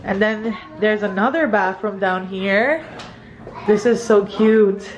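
A woman, giving an excited, gushing house tour for her vlog, filmed on a phone indoors. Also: medium pitch, slow, slight background noise. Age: 30s. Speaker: vlogger. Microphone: handheld phone camera.

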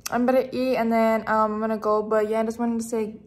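Young woman yapping away on her phone vlog at home, slightly high voice, casual and rambly. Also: level tone, fast talker. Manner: rambling, chatty, self-described yapper. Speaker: vlogger. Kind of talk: casual vlog chat to camera. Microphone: phone camera.

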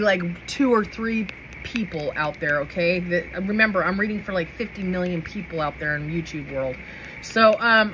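Bright-voiced chatty woman tarot reader. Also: medium pitch, slight background noise, poor audio. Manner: chatty, emphatic, repeats "okay?", laughs often. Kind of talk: casual tarot reading to camera.

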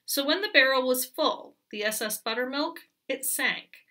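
A woman teacher reading a picture book aloud to children, explaining clearly, recorded from a distance. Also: sits high, normal speed, bright, forceful tone.

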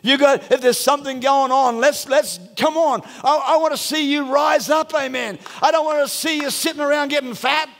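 A male pastor from Australia preaching a sermon with fervour, swinging from shouts to a near hush. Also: extremely high pitch, fairly even intonation, moderate pace, gravelly. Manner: fervent preaching, rising to shouts and dropping to a hush. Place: large church hall. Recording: church hall reverb with faint music.

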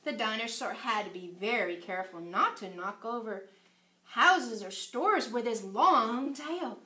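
A woman teacher leading circle time for small children and reading a picture book aloud with expressive storytelling. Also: on the high side, measured pace, a little hiss or hum. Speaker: preschool teacher. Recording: echoey classroom.

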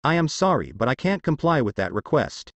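A man's voice: mid-range voice, big pitch swings, fairly quick, a bit bright, no room sound. A man doing a hot-tempered young demigod warrior. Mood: suspicious. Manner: suspicious, defiant.

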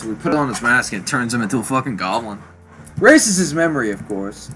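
Low-ish voiced guy rambling and cussing while he plays, game music blasting under him. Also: lively intonation, normal speed, low-quality recording. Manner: rambling, profane, laid-back storytelling. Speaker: gameplay commentator. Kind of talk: casual gameplay commentary. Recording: voice over loud game music.

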